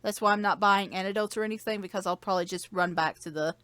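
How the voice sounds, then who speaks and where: A woman's voice: mid-range voice, fast talker, fairly bright tone, clean tone. A woman chatting casually while playing a video game with a friend. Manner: chatty, reads on-screen text aloud. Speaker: co-host of a game playthrough. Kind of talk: casual gaming commentary.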